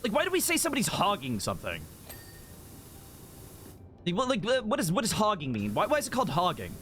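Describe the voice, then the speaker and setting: A man chatting casually on a live game stream, rambling and giggly, easily excited and full of filler words. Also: high-pitched, fast, a little hiss or hum. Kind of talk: casual live-stream chat while gaming.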